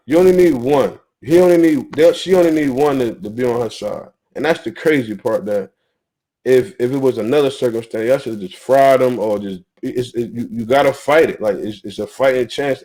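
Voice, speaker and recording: A man's voice: mid-range voice, warm tone, low-quality recording. Ranting, profane young man. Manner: ranting, profane, repeats himself; rhetorical questions, "you feel me" fillers. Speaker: talk show panelist. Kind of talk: casual chat, heated commentary.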